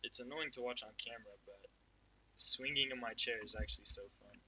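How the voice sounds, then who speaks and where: Young guy thinking out loud on camera, kinda low but really bright voice, bit far from the mic. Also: a little fast. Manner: rambling, self-deprecating, drifts into quiet mutters. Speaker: vlogger. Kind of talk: rambling solo monologue. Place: home room, seated in a swivel chair.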